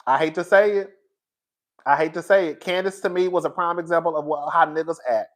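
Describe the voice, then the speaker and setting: A man talking casually to his viewers as a pop culture commentator, in slangy, animated speech and often laughing as he riffs. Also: on the high side, fairly quick.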